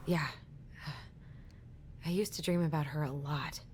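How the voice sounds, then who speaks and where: A quiet, haunted young sister. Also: female voice, sits low, unhurried. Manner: soft, subdued, hesitant. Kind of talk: game dialogue. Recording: game audio with clear noise.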